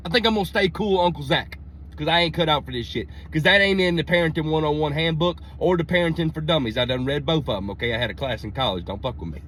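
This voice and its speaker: A young man from Mississippi with a Southern accent, telling a profane, animated comedy story in Southern slang. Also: fairly high pitch, quick pace, slight background noise.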